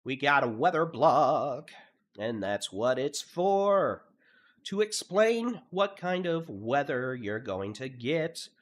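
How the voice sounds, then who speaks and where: A middle-aged Texan man giving live severe weather updates, listing towns and hail timings in a steady, at times monotone briefing while congested from allergies. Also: mid-range voice, slow. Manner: steady briefing cadence, lists place names, at times monotone. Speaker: storm chaser and severe weather streamer. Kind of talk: live weather coverage commentary.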